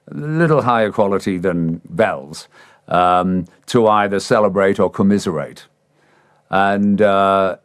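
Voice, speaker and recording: A man's voice: fairly low pitch, dry recording, clean studio sound. An English man in his sixties, telling an anecdote casually and acting out the voices of people he quotes. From England. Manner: animated, acts out quoted voices. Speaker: interviewee. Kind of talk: casual storytelling.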